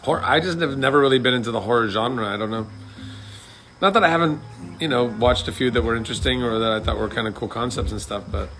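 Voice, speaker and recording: Man, thirties, casual live-stream host, rambling and filler-heavy, mid-pitched, faint background music. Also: fast, a bit bright. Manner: rambling, with frequent fillers and restarts. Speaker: livestream host answering viewer questions. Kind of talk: casual chat.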